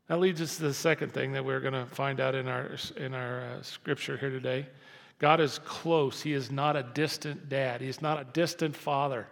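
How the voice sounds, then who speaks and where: Older man, pastor's sermon, soft lows to loud emphatic rises, long church reverb. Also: vocal fry. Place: church sanctuary.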